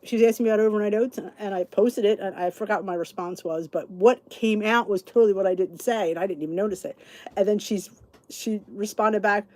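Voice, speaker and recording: A woman's voice: medium pitch, fast, darkish tone, no echo. A middle-aged woman from New Jersey hosting a casual livestream, chatting with viewers by name and laughing often. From New Jersey, USA. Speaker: channel host.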